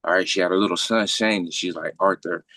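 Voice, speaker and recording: A man's voice: sits low, fairly even intonation, fast, sharp tone, no room sound. A man telling a personal story as a podcast guest in casual, blunt, profane street slang. He keeps checking in with "right?".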